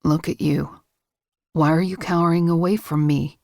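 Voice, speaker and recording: A woman voicing a stern male crime boss in an audiobook, speaking low, clipped and controlled. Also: fairly even intonation, moderate pace, vocal fry, warm tone, no room sound, clean studio sound. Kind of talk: audiobook character voice.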